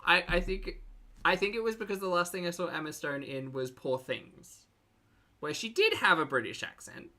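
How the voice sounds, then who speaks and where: A woman's voice: lowish voice, expressive, moderate pace, pushed and bright. A woman streamer in casual, wry commentary, laughing often as she reacts to videos and reads chat.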